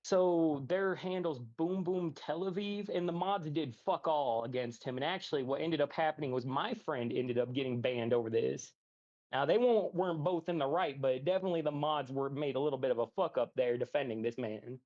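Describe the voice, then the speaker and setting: A male caller on a voice call to a stream, talking in a rushed, calming way with many fillers. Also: fairly high pitch. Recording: dull lo-fi call audio.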